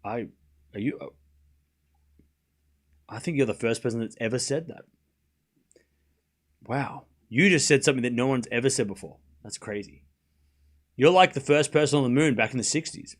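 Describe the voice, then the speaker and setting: A man's voice: mid-range voice, normal speed, long pauses. A man streaming live tennis commentary, mixing play-by-play with sarcastic, rambling banter and chuckles. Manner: sarcastic, rambling, laughs at his own jokes. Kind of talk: casual live watchalong commentary.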